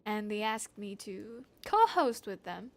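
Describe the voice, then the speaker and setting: A woman's voice: mid-range voice, big pitch swings, measured pace. A woman hosting her own livestream, chatting casually into a desktop microphone in a bubbly, playful, rambling way. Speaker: livestream host. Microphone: desktop streaming microphone.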